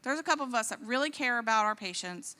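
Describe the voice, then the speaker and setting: A woman in her forties, a physician, giving an impassioned talk at a church, indignant and animated, her voice rising to exclamations. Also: fairly high pitch, quick pace. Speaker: physician speaker. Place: large church hall. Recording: long hall reverb.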